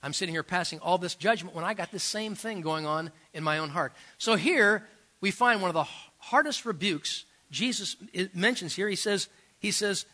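A middle-aged man, a pastor, preaching a sermon and telling personal stories, swinging between loud emphasis and quiet asides. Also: sits high, lively intonation, moderate pace.

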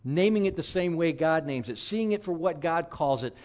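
A man's voice: fairly high pitch, lively intonation, normal speed, a little mellow. A middle-aged man preaching a sermon as pastor, telling stories in a candid, self-deprecating, conversational way.

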